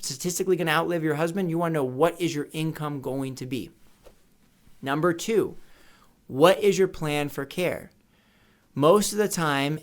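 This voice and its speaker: Emphatic man explaining retirement planning. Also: on the high side. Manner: emphatic, repeats key questions, tells anecdotes. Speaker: retirement financial advisor. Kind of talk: educational talk to camera. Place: office or home studio. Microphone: camera mic with studio lights setup.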